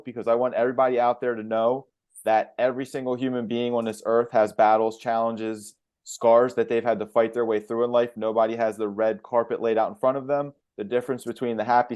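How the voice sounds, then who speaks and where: A man's voice: medium pitch, a little mellow. A man hosting a podcast, talking in an upbeat, friendly way and cursing casually. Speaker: podcast host.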